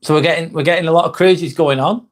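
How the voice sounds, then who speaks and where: A man's voice: a little high, steady tone, fast. A young man, chatting bluntly on a live stream, reading and answering viewer comments and swearing freely. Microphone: phone.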